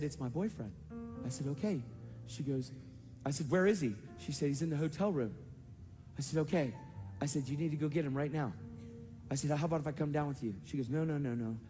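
A man preaching at a conference, telling testimonies in an animated storytelling manner and acting out other people's voices. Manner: animated storytelling, acts out voices with big pitch jumps. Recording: hall reverb with faint music.

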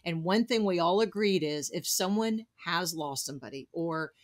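A woman with a Southern-tinged accent over her New Jersey roots, talking in a slightly low voice. She hosts the chat, telling stories and tossing out playful asides as she goes. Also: expressive, moderate pace. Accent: Southern US picked up over New Jersey. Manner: chatty, storytelling, laughs often, fond of playful asides. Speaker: podcast host. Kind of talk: conversational interview.

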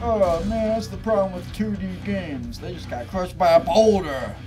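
A let's play gamer giving excitable commentary, often yelping, laughing and swearing at the game. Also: mid-range voice, moderate pace. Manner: excitable, yelps and shrieks at the game. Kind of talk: gameplay commentary. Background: game music.

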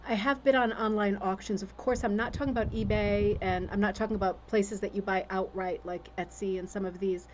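A woman with a medium-pitched, steady voice hosts a casual rug hooking livestream, chatting quickly with few pauses and greeting viewers by name. She's in an upstairs room at home, where faint room noise and a fan's hum can be heard.

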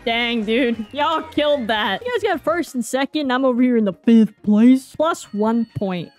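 A woman giving casual live gameplay commentary, excitable and self-mocking, with slang and mild swearing. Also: on the high side, unhurried, soft background music. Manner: excitable, groans and cheers at every turn. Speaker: gaming video creator.

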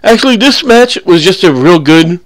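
A man's voice: sits high, animated, moderate pace. A young man giving casual, rambling commentary over his own gameplay, full of crude jokes and banter. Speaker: gaming channel host.

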